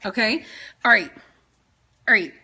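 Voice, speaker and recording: A woman with a twang runs through a product list in a casual, chatty way. Her voice is bright and sits a bit high for a woman. She keeps tossing in quick jokes and asides. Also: lively intonation, husky. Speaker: sales consultant presenting products.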